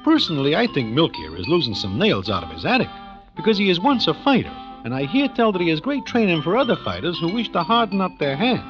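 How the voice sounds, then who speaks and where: An actor playing a wry, deadpan Broadway man narrating in present tense, in 1940s radio drama style. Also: a little high, fast talker. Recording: dull old radio recording with music.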